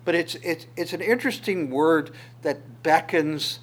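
A man leading an informal Bible study, explaining the text in a halting way, thinking aloud with many pauses. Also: a little high.

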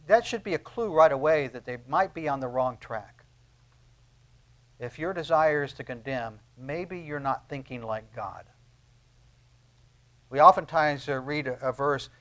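A middle-aged man preaching a sermon, dropping to quiet, low asides and then rising to loud, emphatic peaks. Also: animated, normal speed. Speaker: pastor.

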